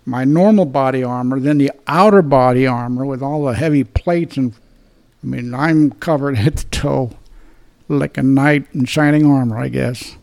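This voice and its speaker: A retired police detective in his seventies from Dallas, Texas tells a story in an interview. His mid-range voice is darkish with vocal fry and a moderate pace, and he speaks bluntly and plainly, often restarting and repeating words.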